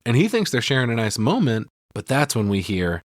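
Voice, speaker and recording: A man co-hosting a podcast, retelling a film's scenes in a profane, animated way and acting out the dialogue. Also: medium pitch, a little fast, dry recording, studio quality. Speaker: podcast co-host. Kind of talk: casual movie recap chat.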